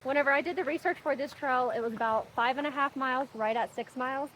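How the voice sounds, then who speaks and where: A woman's voice: sits high, fast, a bit bright, a little hiss or hum. Chatty upbeat woman vlogging outdoors. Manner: chatty, upbeat, talks to viewers and her dog. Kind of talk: casual hiking vlog narration. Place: outdoors on a mountain trail.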